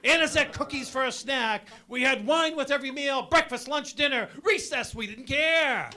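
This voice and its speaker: A man doing stand-up comedy on stage, loud and punchy, talking to the crowd as folks. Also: extremely high pitch, moderate pace. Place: stage before a live audience.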